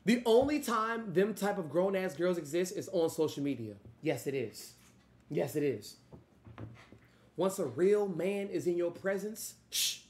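Dude reacting to a track, kinda high voice, echoey room, rambly and cussing. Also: male voice, measured pace, a little hiss or hum. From Louisiana. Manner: animated, loose and profane, trails off and restarts. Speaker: music reaction host. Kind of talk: casual reaction commentary.

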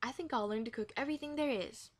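A woman's voice: on the high side, quick pace, no echo, voice pushed up, close to an everyday voice. A woman voicing a stubborn, jealous young schoolgirl in a children's story read aloud. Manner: earnest and stubborn.

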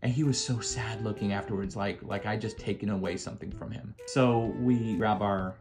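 A man's voice: fairly low pitch, steady tone, normal speed, over music. An American man in his fifties, a former Marine, telling a casual anecdote with wry asides to the listener. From United States.

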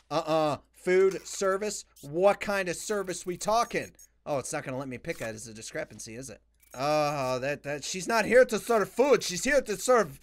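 Muttering young man playing a game. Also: a little high. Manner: muttering while reading game documents aloud. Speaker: gamer. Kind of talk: let's play commentary.

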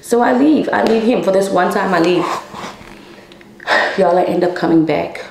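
A woman's voice: medium pitch, measured pace, vocal fry, roomy sound, background noise. A young woman telling a personal story to her viewers in a candid, emotional way, swearing freely and calling them y'all. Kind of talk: casual storytime.

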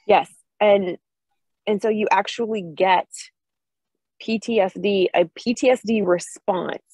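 A woman giving an earnest, animated personal testimony to an online support group. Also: mid-range voice, measured pace, slightly rough, no room sound, low-quality recording. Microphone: video call.

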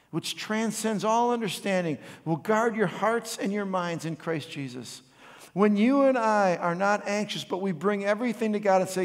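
A pastor in his forties preaching a sermon, swinging from loud passionate bursts to quiet, reflective storytelling. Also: high-pitched. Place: church sanctuary. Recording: long hall reverb.

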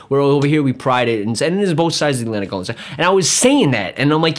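Fast ranting dude on a podcast, lots of swearing, sarcastic, keeps wandering off topic. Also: male voice, on the high side, animated. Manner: profane, rambling, sarcastic, jumps between mock voices. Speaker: podcast host. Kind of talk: ranting monologue.

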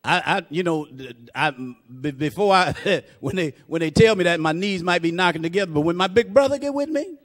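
A man preaches in a fairly high voice, and a long reverb from a church sanctuary trails behind each phrase. He keeps breaking in with "praise God", swells louder and slower on the key lines, then drops low and soft for asides. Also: animated. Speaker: pastor. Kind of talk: sermon.

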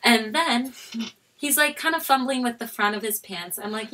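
A young woman, a guest on a casual chat show, telling an animated story and breaking into shouted quotes. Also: fairly high pitch, moderate pace, noisy background.

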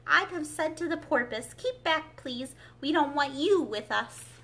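Storybook Alice: polite, wondering little girl, very high and bright, read by a woman. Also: expressive, unhurried, full character voice.

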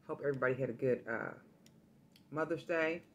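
A woman hosting a casual food vlog, talking straight to her viewers and telling a story in a lively, chatty way. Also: very deep voice, brisk, lo-fi sound, slight background noise. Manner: chatty, addresses viewers directly, animated storytelling. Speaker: food vlogger.

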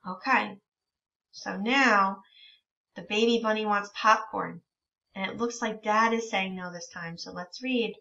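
A woman teacher leading a reading lesson for young children, encouraging them and reading words out very slowly. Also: medium pitch, vocal fry, sharp tone, distant mic. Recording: dull lo-fi sound from a bit away from the mic.

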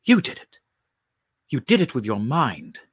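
A man's voice: medium pitch, huge pitch swings, measured pace, slightly rough, full character voice. A man voicing a lonely, desperate exiled man stranded on Mars, pleading and crying out. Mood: overwhelmed.

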